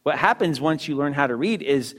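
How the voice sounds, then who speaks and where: A middle-aged man with a slightly higher than usual pitch gives a casual talk. He keeps checking in with his listeners through asides and rhetorical questions. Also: animated, a little fast, a bit bright. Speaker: teacher discussing a book on reading.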